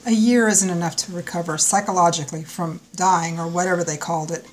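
A woman's voice: on the low side, steady tone, a little fast, a little hiss or hum, close to an everyday voice, poor audio. A woman voicing an eager female geneticist. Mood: earnest. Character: excited female geneticist in her thirties, warm-hearted. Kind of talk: audiobook character voice.

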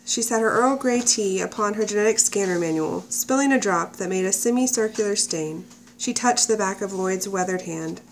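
A woman narrating an audiobook in a steady, even storytelling manner. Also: medium pitch, normal speed, low-quality recording.

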